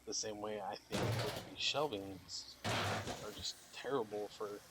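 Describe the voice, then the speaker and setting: A man's voice: fairly low pitch, a little slow, very noisy. A tired young man giving casual, rambling commentary while he plays a survival game, with lots of fillers. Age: young adult. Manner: rambling, relaxed, many fillers. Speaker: gaming channel host.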